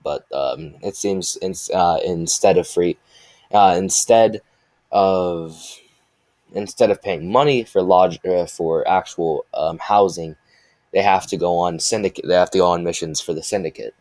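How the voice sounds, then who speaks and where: A man's voice: sits low, measured pace, darkish tone, no room sound. A man improvising a fan story and rambling along with many restarts and fillers.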